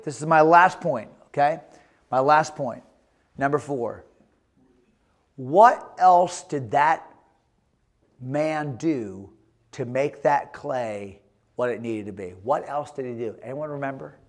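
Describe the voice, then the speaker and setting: A man preaching a sermon as pastor, emphatic, swinging between loud exhortation and quiet earnest asides. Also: mid-range voice, slow pace, long pauses. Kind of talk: energetic sermon to young people.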